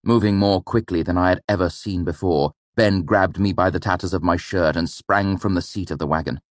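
A man reading first-person narration for an audiobook in a measured, steady storytelling manner. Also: sits low, no echo.

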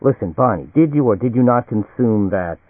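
Man doing a sneering grumpy businessman, a bit higher than his own voice, tinny. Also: expressive, a little fast, breathy edge, no echo. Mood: irritable. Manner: scornful and brusque. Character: contemptuous, irritable male businessman. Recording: tinny, phone-like and dry.

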